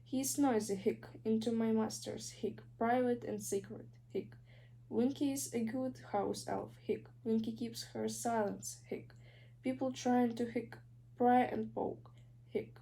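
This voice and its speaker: A woman's voice: fairly high pitch, fairly even intonation, measured pace, gravelly, mellow, slight background noise. A woman with a Ukrainian accent voicing a drunk, tearful female house-elf who hiccups between words. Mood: drunk indignant.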